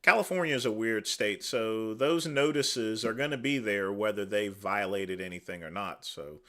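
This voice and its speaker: A man's voice: fairly low pitch, normal speed, sharp tone. A man hosting a livestream, giving casual dismissive commentary full of fillers. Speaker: livestream host.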